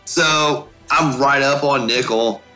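A man playing a tabletop game, casual and excited, cheering and swearing at his rolls. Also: mid-range voice, slow, faint music behind. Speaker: player.

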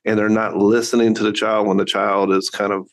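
A man's voice: lowish voice, flat delivery, fairly quick, gravelly. Earnest middle-aged man telling a story. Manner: earnest, reflective. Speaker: podcast guest, father and coach. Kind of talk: casual conversational storytelling.

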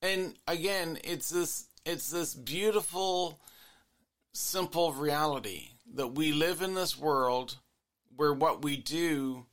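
A man's voice: on the high side, a bit bright. A man, a couples therapist hosting his own show, musing earnestly in a reflective solo monologue that circles back on its points. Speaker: couples therapist and podcast host.

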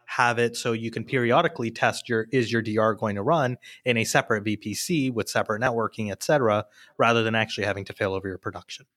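A man appearing as a podcast guest, methodically explaining technical details in a steady way. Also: lowish voice, quick pace, hardly any pauses, dry recording. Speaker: podcast guest, product expert. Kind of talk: explanatory tech discussion.

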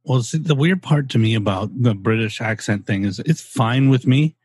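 A man's voice: mid-range voice, moderate pace, a little mellow, husky, dry recording. A man co-hosting a podcast, casual and blunt, voicing strong opinions with some swearing. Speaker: podcast co-host. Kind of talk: casual chat.

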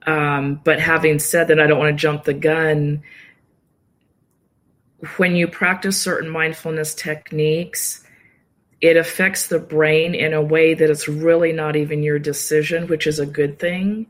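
Calm woman explaining mindfulness practice. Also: deep voice, unhurried. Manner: calm, explanatory, acts out little quoted inner voices. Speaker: yoga nidra practitioner and guest. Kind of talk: casual interview conversation.

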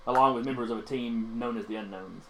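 Brief: man playing a curt, formal federal agent, mid-pitched everyday voice, faint hiss behind. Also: fast talker, bright, forceful tone, low-quality recording. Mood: formal, stern. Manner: terse, formal questioning. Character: stern male FBI agent questioning a suspect.

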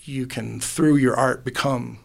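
Middle-aged male musician guest, gravelly voice, heartfelt and rambling, podcast booth. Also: medium pitch, steady tone, unhurried. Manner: rambling and heartfelt, many restarts. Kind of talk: casual interview conversation.

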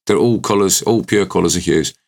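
A man's voice: low voice, fairly quick, gravelly. A British man co-hosting a tattoo talk show, explaining things at length and laughing often. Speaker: podcast co-host, tattoo artist. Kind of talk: casual chat.

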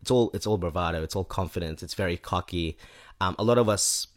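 A man's voice: low voice, fast. A man talks casually on a podcast. He rambles, restarts his sentences and fills the gaps with "um" and "like". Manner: rambling, self-correcting, with lots of fillers. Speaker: podcast guest, rapper. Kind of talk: casual chat.

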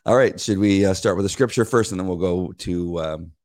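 A man's voice: deep voice, fairly quick, a little mellow. A middle-aged man hosting a devotional podcast in a playful, rambling casual chat, laughing easily. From United States. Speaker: podcast host.

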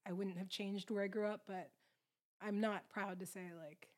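A woman's voice: mid-range voice, steady tone. Chatty young woman from Long Island. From Long Island, New York. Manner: chatty, full of "like" fillers and quick laughs. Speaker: podcast guest. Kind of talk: casual interview chat.

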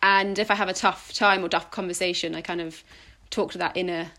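A woman, talking reflectively as an interview guest, pausing often with ums and restarts. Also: fairly low pitch, fairly even intonation, pushed and bright, faint music behind. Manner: halting and thoughtful, with frequent ums and restarts. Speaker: designer and podcast guest.

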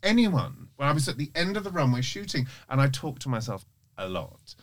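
A man's voice: medium pitch, a little fast. Rambling English man telling stories. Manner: rambling, animated anecdotes full of self-interruptions; frank, swears freely. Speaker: podcast guest, photographer. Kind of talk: casual interview storytelling.

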